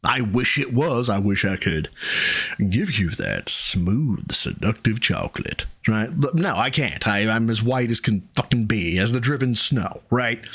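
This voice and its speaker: A man's voice: mid-range voice, a bit bright. A man co-hosting a livestream, ranting and teasing in a profane, exasperated way. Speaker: co-host. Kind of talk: casual livestream banter.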